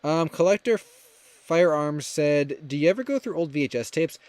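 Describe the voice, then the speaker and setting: With a higher-than-average voice, lively intonation, and a moderate pace, this young man sounds a little mellow, and there's no room sound. He hosts a livestream, reading viewer comments aloud and rambling casually through many fillers and restarts.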